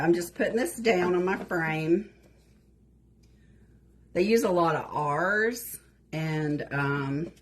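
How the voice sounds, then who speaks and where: A Southern-accented woman hosts a home craft live stream, talking in a relaxed, folksy way and calling viewers "y'all" as she works. Her voice sits on the lower side, and a steady hum of a heat tool runs underneath. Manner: chatty, folksy, says y'all a lot. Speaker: craft show host.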